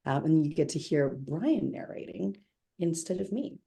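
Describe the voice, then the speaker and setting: A woman presenting a live software demo over a video call, chatty and upbeat, with quick self-corrections and asides. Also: deep voice, animated, vocal fry. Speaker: webinar presenter demoing software.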